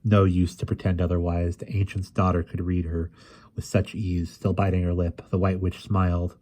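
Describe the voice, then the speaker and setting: A man reading a fantasy novel aloud at a steady, measured pace, with the odd small restart. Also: low voice. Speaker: reader. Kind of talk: audiobook narration.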